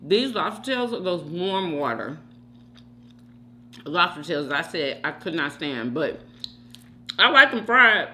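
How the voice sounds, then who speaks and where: A middle-aged woman mukbang vlogger gossips casually while she eats, speaking straight to her viewers and calling them y'all and girl. Her voice is deep and fairly bright, unhurried, with long pauses.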